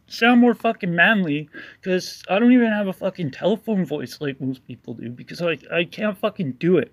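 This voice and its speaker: Gravelly, profane ranting man. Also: fairly high pitch, no room sound. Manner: angry, sarcastic, heavy swearing. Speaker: YouTuber narrating over a video. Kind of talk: profane ranting voice-over commentary.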